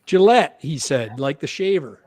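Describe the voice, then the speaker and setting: A Canadian man hosting a livestream, his voice sitting a little high and swinging widely as he jokes and tallies points. He sounds playful and quick to laugh. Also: very animated. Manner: playful, laughing, keeps score out loud. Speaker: podcast host. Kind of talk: casual livestream chat.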